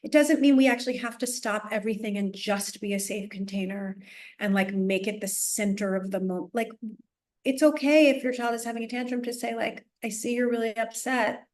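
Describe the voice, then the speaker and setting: A woman speaking as a parenting expert guest in a casual podcast interview, animated and chatty, with frequent restarts, fillers and little laughs. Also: mid-range voice, brisk. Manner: laughs often while explaining.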